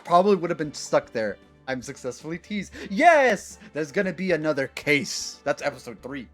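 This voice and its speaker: Giggly guy streaming a game, voice bouncing way up and down, faint game music behind. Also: a little high. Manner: giggly, animated, chatting with viewers. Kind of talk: casual gaming stream chat.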